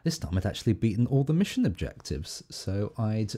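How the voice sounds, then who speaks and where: Brief: male podcast co-host, sarcastic comic reviewer, very expressive pitch, laughs through his jokes. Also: fairly quick. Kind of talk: comedic game-review monologue.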